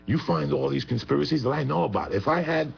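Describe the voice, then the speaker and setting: Fast, gravelly, foul-mouthed man. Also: fairly high pitch, expressive. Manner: rambling, profane, emphatic. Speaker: guest. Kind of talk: heated profane talk radio chat. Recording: muffled radio broadcast with faint hum.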